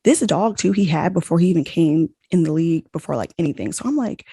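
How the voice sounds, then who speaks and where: A young woman hosting a podcast, telling a story in a casual, animated way and saying "like" a lot. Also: on the low side, a little fast, vocal fry, slightly rough, no echo. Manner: animated, heavy use of "like", acts out quoted dialogue. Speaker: podcast host.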